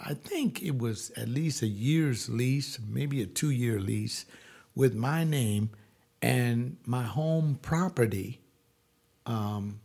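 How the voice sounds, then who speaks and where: A male pastor telling a personal testimony like a sermon, emphatic and drawing out key words slowly. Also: mid-range voice, gravelly, a little mellow.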